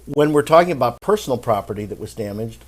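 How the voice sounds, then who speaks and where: A man's voice: mid-range voice, animated, quick pace. A man with an ordinary mid-range voice puts a question to the speaker at a briefing. He speaks with hesitations and fillers.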